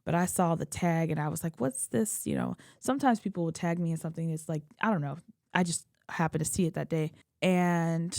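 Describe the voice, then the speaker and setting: A young woman, a video creator, talking through tears in a halting, emotional confessional vlog. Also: sits low, darkish tone, dry recording, clean studio sound. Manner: tearful, halting, many restarts. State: crying.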